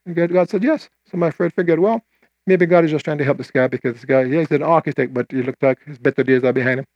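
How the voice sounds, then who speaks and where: Man, older, sermon storytelling, high-pitched, dry recording. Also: dry recording, lo-fi sound. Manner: animated storyteller, quoting voices with rising pitch, slowing for scripture. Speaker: preacher.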